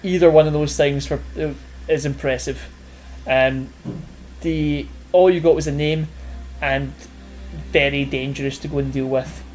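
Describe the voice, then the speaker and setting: A man narrating as game master of a tabletop role-playing game, talking in a relaxed, rambling way with lots of fillers. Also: a little high, unhurried, faint music behind. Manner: laid-back, rambling, with many fillers and laughs.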